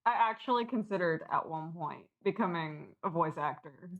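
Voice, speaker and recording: A woman's voice: on the low side, normal speed, lo-fi sound. A woman co-hosting a casual livestream at home, playful and teasing, greeting chat viewers. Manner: playful, teasing, quotes movies. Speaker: livestream co-host.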